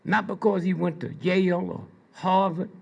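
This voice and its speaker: An older man telling stories to a live audience, prodding listeners with repeated "Hmm?" and "Huh?" between pointed pauses. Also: high-pitched, flat delivery, a little mellow, lo-fi sound. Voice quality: gravelly, husky. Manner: slow, drawn-out delivery with pointed pauses. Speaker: speaker addressing an audience. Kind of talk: storytelling lecture to a live audience.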